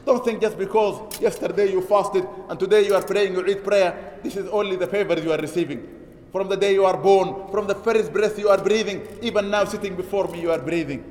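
A man with a high, quick voice delivers an Eid sermon in a large mosque hall, his words ringing with long reverb. He exhorts the congregation, repeating key lines for emphasis and rattling off Arabic verses at speed. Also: darkish tone. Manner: chants Arabic scripture quotes quickly. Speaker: imam preaching.

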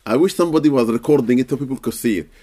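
A man's voice: medium pitch, rapid-fire, mellow. A man answering questions as an Islamic teacher in a casual talk, earnest and checking understanding with frequent "okay?".

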